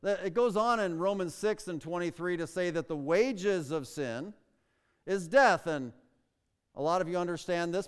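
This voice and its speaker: A man's voice: sits high, normal speed, clear, resonant tone. A man preaching a sermon as pastor, emphatic and full of rhetorical questions, stretching out key words for stress. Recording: long reverb of a large hall.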